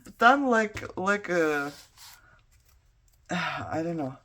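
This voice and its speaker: This craft vlogger speaks extremely slowly but animatedly, in a lowish, somewhat bright voice. English isn't her first language, and she chats, tells a rambling story, laughs often, and talks to herself while working.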